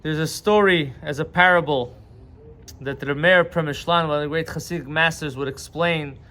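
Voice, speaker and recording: A man with a fairly high voice gives a short morning sermon as a rabbi. He explains patiently and retells a parable in plain words, walking his listeners through each step of the story. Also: fairly even intonation, normal speed, bright, forceful tone.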